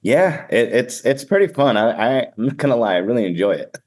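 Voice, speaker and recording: A man's voice: medium pitch, sing-song, normal speed, a little mellow. A man with a Boston accent, an event emcee speaking energetically and sometimes bluntly in a casual podcast interview.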